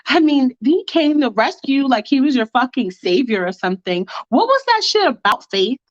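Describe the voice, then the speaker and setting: Sassy prying grown woman, lowered voice, woman performer; lo-fi dry. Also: big pitch swings, moderate pace, no room sound. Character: nosy sassy grown woman friend Monique.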